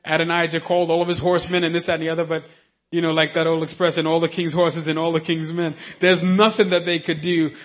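A man with a fairly high voice delivers a sermon in a conversational way, checking "you know what I mean?" with his listeners. He moves back and forth between hushed, earnest teaching and shouted hallelujahs.

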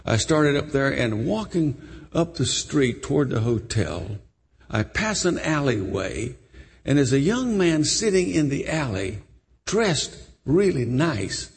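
A man preaching, telling a story in an animated way with repeats and restarts. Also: medium pitch, unhurried, vocal fry, husky. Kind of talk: sermon storytelling. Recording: echoey hall.

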